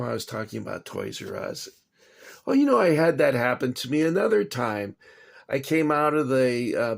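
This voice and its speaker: A man's voice: medium pitch, creaky. A man vlogging from his kitchen about collecting toy soldiers, rambling and agitated, swearing and then apologizing. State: shaking after anger. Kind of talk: casual rambling vlog. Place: home kitchen.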